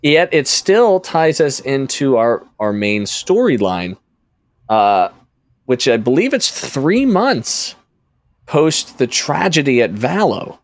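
A man's voice: medium pitch, sing-song, slow pace, no echo. A man hosting a casual podcast discussion, rambling and interrupting himself as he talks things through. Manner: rambling, self-interrupting storyteller. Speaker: podcast host. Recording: dry studio sound.

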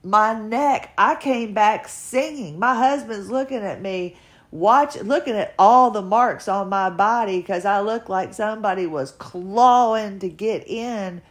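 A middle-aged woman speaking in an unhurried, drawn-out way, her pitch sitting right in the middle. She talks in an earnest, emotional manner as she shares a casual personal podcast monologue and encourages her listeners. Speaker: podcaster sharing her health journey.

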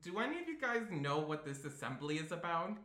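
A man's voice: a little high, sing-song, brisk, bright, forceful tone. A man voicing a cocky teenage boy in a Brooklyn accent, reading from a script. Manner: tough-guy drawl. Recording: echoey room.

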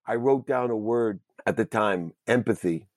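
A man telling a personal story as an interview guest, earnest and emotional, with halting restarts. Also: lowish voice, darkish tone, no echo, studio quality.

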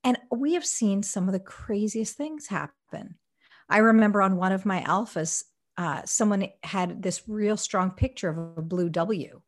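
A woman's voice: medium pitch, unhurried. A woman guest in an interview, earnestly telling stories and acting out what people said. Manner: earnest, animated, acts out quotes. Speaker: ministry guest. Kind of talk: conversational storytelling.

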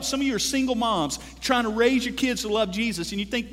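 A lively, high-pitched man preaches in a big church, his voice ringing with a long reverb off the hall. He is in his thirties, animated and joking, and keeps calling out to the congregation for an answer. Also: fast talker, hardly any pauses. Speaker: pastor. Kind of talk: sermon.

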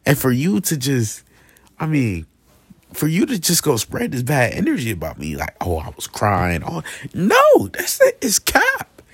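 A young man vents in a casual, slangy vlog rant to camera, aggrieved and repetitive, forever asking "you feel me." His voice is a little high, husky and fairly bright, with wildly swooping pitch, a slightly slow delivery and no echo.

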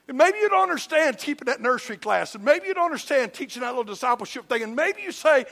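A man's voice: extremely high pitch, animated, quick pace, a bit bright. An older man from Georgia with a Southern accent, preaching a sermon in a folksy, emphatic storytelling manner with humor. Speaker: pastor.

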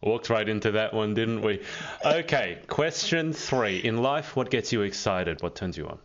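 A lowish, slightly bright male voice with lively intonation leads a laid-back live-stream pageant interview at normal speed, teasing and chatting as he reads out what viewers comment. The sound comes through as dull, lo-fi video call audio.

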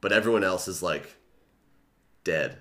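A man hosts a podcast, casually recapping a book's plot in relaxed storytelling peppered with "like" and swearing. His voice is deep and his pace measured.

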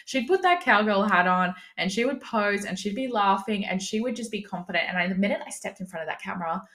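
A woman's voice: medium pitch, lively intonation, fast talker, a bit bright. A young woman hosting her own podcast, talking candidly in a casual, chatty way, swearing freely and using lots of "like" fillers. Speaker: business coach, podcast host. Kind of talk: candid solo podcast monologue.

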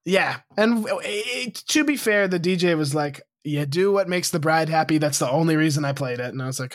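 A man's voice: fairly high pitch, no room sound, studio quality. A young man co-hosting a casual podcast, joking, laughing often and acting out quoted lines. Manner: jokey, quick to laugh, acts out quotes. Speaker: podcast co-host.

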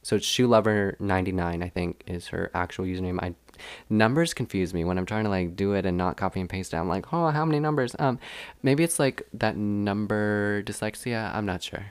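Rambling, self-deprecating podcast co-host. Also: male voice, deep voice, fairly even intonation, fairly quick, clean tone, no echo. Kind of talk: casual chat.

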